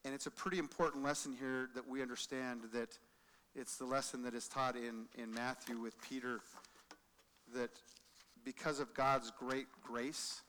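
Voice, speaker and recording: A man preaching a sermon in an animated way, swinging from loud acted-out quotes to quiet emphasis, recorded in a large church sanctuary. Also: mid-range voice. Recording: long reverb of a large hall.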